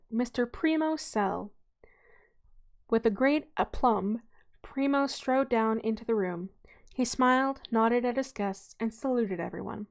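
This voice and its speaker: Young adult woman, reading a novel aloud, informal, frequent self-corrections. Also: on the high side.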